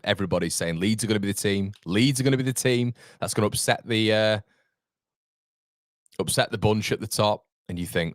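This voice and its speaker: A fan channel host in his thirties runs a live football watchalong, chatting with viewers in an animated, rambling way that swings from laughter to fed-up rants. His lowish voice moves briskly, and the sound is clean studio audio with no room sound.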